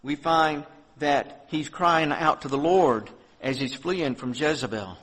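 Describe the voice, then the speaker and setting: A man's voice: on the high side, takes it slowly, poor audio. A man preaching a sermon as pastor, reading scripture aloud and explaining it in an earnest, conversational way. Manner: earnest preaching, rising on scripture readings, dropping soft on reflections.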